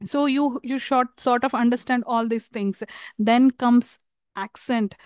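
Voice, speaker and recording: A woman from India with an Indian English accent, giving a university lecture on English communication skills, pausing often with fillers and restarts. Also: on the high side, fairly even intonation, a little mellow, no room sound. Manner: hesitant, many fillers and restarts.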